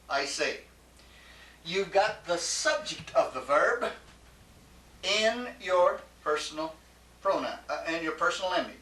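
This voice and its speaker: A man teaching a Greek class, patient, repeating his questions and laughing gently. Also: high-pitched. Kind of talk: classroom lecture. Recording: echoey classroom from far off, faint hiss.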